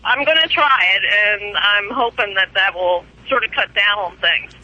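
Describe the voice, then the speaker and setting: A woman's voice: medium pitch, moderate pace, bright, forceful tone, slightly rough, highs cut off. A woman calling in to a radio show, chatting hesitantly. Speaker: caller. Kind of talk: phone-in conversation.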